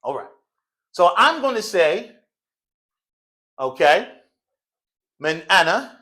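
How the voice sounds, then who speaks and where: A man's voice: high-pitched, big pitch swings, unhurried, long pauses, sharp tone. Guy teaching arabic to a class, jokey and slangy, laughs a lot, voice jumps all over. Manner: playful, joking, laughs often; slangy casual speech. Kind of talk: classroom Arabic lesson, call and response. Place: mosque classroom.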